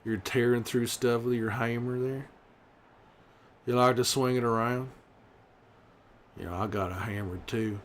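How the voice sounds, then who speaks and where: Gruff, wry middle-aged survivor, a man in character, teasing chat with slow, easy cursing. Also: medium pitch, steady tone, close to an everyday voice. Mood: bantering. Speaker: streamer in character. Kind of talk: in-character livestream banter.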